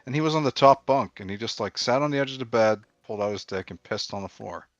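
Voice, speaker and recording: A man's voice: mid-range voice, quick pace, dry recording, muffled recording. A man chatting casually on a stream, blunt and profane, with dry humor. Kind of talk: casual chat.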